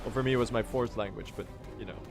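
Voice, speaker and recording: A man's voice: medium pitch, fairly even intonation, fast, vocal fry, music in the background. A young man chatting casually on a speedrun stream, self-mocking and laughing often. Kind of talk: casual live-stream chat.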